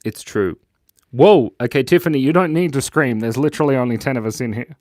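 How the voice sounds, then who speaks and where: This man's voice is medium in pitch, fairly quick, and darkish, captured in clean studio sound with no room echo. He hosts a laid-back drawing stream, bantering playfully, reading out viewer comments, and frequently giggling.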